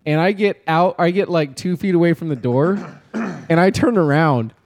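A man's voice: on the high side, moderate pace. A man on a casual podcast telling a rambling story, laughing often and restarting his sentences. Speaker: podcast co-host. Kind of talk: casual chat.

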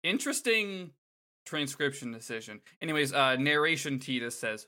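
Very bright-voiced wry man. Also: mid-range voice, expressive, moderate pace. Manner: dry, wry, joking. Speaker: podcast co-host. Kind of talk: casual chat.

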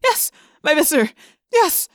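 A woman's voice: on the high side, expressive, a little slow, dry recording, clean studio sound. A woman doing a terrified, babbling woman. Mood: panicked. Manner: babbling, pleading. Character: terrified middle-aged alien-controlled woman.

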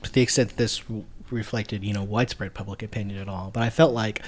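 A young man co-hosting a casual movie podcast, rambling and laughing, often trailing off quietly. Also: fairly low pitch, fairly even intonation, fast. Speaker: podcast co-host. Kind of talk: casual chat.

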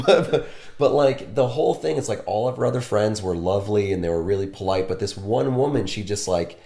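A man's voice: lowish voice, animated, brisk, vocal fry, mellow. A man who works as a piercer, telling a candid, self-deprecating story in casual conversation. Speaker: body piercer. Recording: echoey room.

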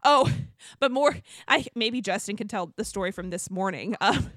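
A woman's voice: medium pitch, animated, normal speed, fairly bright tone, no room sound, studio quality. A woman co-hosting a podcast, telling a pet story in casual chat and acting out quotes with laughter. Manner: chatty storyteller, quotes others, laughs often. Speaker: podcast co-host.

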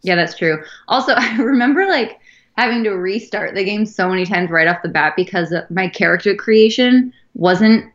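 A woman's voice: medium pitch, expressive, muffled recording. A woman chatting casually as a podcast co-host, laughing often as she talks. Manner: giggly, chatty, quick to laugh. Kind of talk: casual chat.

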